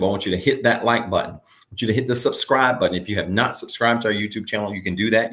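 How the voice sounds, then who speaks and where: A male pastor speaking to his online congregation, repeating calls to action and reading a declaration slowly, pausing for listeners to repeat. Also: fairly low pitch, a bit bright. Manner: slow, measured reading with pauses for repetition. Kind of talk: church broadcast address and declaration.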